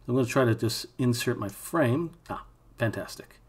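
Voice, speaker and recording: A man's voice: mid-range voice, expressive, normal speed, breathy edge. A man teaching animation in a screen-recorded tutorial, thinking aloud as he works, with casual asides to his students. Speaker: animation instructor.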